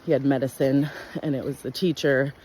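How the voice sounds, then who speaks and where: Talking to camera at a fairly quick clip over slight background noise, a woman who works as a wellness practitioner tells her own life story. She's candid and blunt, swears freely, and peppers her speech with "like." Her delivery is animated, and her pitch jumps whenever she acts out things she once said.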